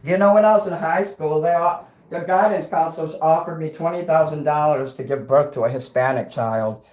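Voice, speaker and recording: A middle-aged man livestreaming and reading chat, ranting angrily and profanely, swinging between loud outbursts and quiet asides. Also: a little high, a little fast. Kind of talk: angry livestream rant.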